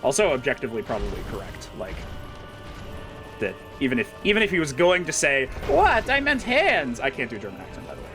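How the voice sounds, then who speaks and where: A man's voice: mid-range voice, big pitch swings, fast talker, over music. A man livestreaming and reading chat, rambling casually with wry, profane humor and lots of fillers.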